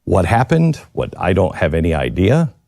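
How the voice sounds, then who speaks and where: Earnest male radio host, lively pitch. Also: gravelly, dry recording, studio quality. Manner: earnest, reflective, with halting restarts. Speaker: radio talk show host. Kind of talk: personal storytelling on air. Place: radio studio.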